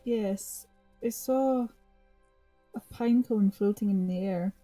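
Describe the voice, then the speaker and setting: A woman's voice: medium pitch, takes it slowly, faint music behind, low-quality recording. A woman playing a tabletop game, talking casually and giggling often. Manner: giggly, animated. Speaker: player.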